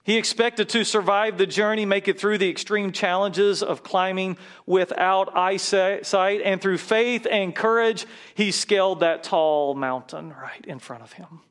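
A man's voice: high-pitched, measured pace, hardly any pauses, fairly bright tone. A man preaching a sermon as a pastor in a church, leading his congregation in call-and-response and prayer.

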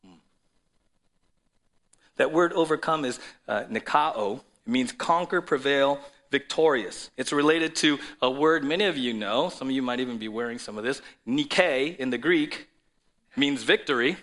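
A man delivers a sermon from the pulpit with a bright, forceful tone at a mid pitch. He hammers key lines loudly, then drops to near-whispers, addressing both the room and viewers at home. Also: a little slow. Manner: emphatic, swings between loud declarations and soft, low asides; speaks to a congregation and viewers at home. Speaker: pastor.

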